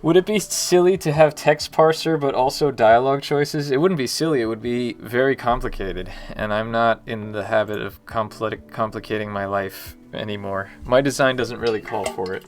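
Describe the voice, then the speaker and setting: A man's voice: medium pitch, moderate pace, hardly any pauses. A man, a game developer, muttering to himself as he works and reading chat aloud on a live stream. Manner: quiet, mumbling to himself while working, reading chat. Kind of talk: casual live-stream commentary.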